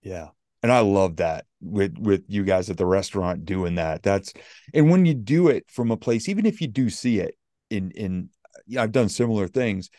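A man's voice: fairly low pitch, moderate pace, dry recording, studio quality. A man who is a motivational speaker, telling stories animatedly as a guest in a casual interview. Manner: animated storyteller acting out quotes.

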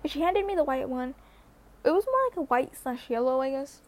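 Young woman, high pitch, casual rambling vlog storyteller. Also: lively intonation, fairly quick. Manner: chatty, rambling, with many fillers and restarts. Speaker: vlogger.

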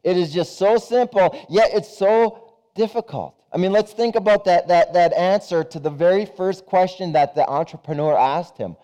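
A man's voice: high voice, normal speed, warm tone. A male pastor giving a casual, conversational sermon in a chatty, joking, folksy way.

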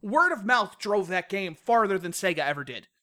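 A woman co-hosting a casual games podcast, animated and laughing, swearing when she gets worked up. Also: mid-range voice, moderate pace. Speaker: podcast co-host. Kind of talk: casual podcast rant about video games.

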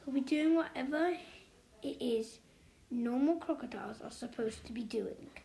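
A woman voicing an angry, pompous male store manager who snaps and shouts. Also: sits high, moderate pace, creaky, slightly rough, exaggerated voice. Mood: snappish. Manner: shouting, snapping.

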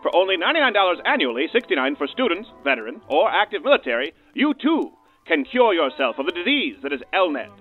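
High-pitched man, very lively, radio ad read, tinny phone-like sound, faint music behind. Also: fast, breathy edge. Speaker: ad announcer.

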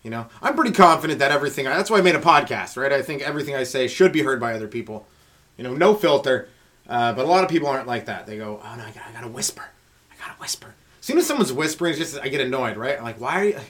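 A man doing a rambling stand-up comedy monologue on his podcast, riffing with frequent asides to the listener and swinging between loud and hushed delivery. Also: medium pitch, sing-song, quick pace. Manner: riffing, talks to listener with frequent "right?" and "you know".

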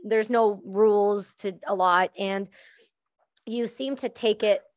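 A woman's voice: medium pitch, steady tone, slow. A woman host in casual chat, candid and jokey, swearing freely.

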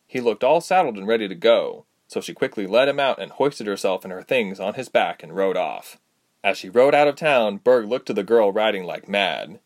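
Lively low-voiced male storyteller. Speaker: narrator. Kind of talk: audiobook narration.

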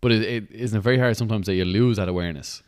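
A man chatting as a podcast guest, eager and repeating himself in quick bursts. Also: on the low side. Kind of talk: casual chat.

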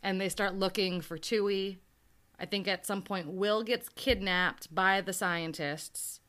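Female podcast co-host, conversational recap, animated, laughs easily, mimics characters. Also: medium pitch, takes it slowly. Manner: animated, laughs often, acts out characters' lines. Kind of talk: casual movie recap chat.

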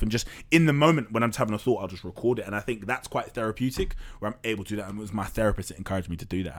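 Man, startup founder type, quick casual delivery in a lowish register, candid guest energy. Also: darkish tone. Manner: fast, casual, open talker with loose slang and swearing. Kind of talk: candid podcast conversation.

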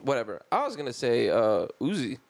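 A man's voice: mid-range voice, very animated, fairly quick. A young man co-hosting a podcast, chatting casually and playfully, often laughing. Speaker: podcast co-host. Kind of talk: casual sports chat.

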